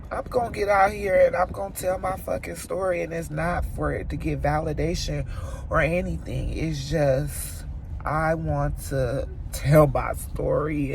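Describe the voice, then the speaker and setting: A woman's voice: deep voice, creaky, darkish tone, slight background noise. A woman vlogger crying as she vents about a friendship breakup, swearing as she talks to camera from her car. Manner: tearful, venting, swearing. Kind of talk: emotional car chat to camera. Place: inside a parked car.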